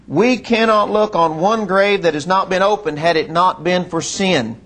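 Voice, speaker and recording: A middle-aged man, preaching a sermon and telling a personal story in an earnest manner, slowing and dropping low on solemn lines. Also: fairly bright tone. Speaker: pastor.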